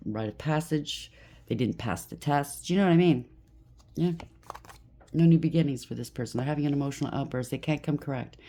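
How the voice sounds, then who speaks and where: Tarot reader, casual reading, blunt, emphatic, rattles off lists, mid pitch. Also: dark tone.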